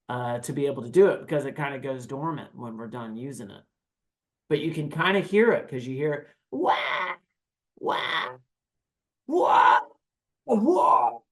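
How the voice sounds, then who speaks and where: An American guest vocalist with a mid-range voice explains screaming techniques on a podcast interview. He's casual and animated, now and then demonstrating growls and screams.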